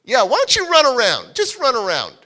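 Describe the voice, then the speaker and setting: A man putting on a foster dad so happy his voice jumps way up high, bright and teasing. He sounds chipper and playful, with a sharp, ringing tone. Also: huge pitch swings, brisk, exaggerated voice. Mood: beaming, teasing.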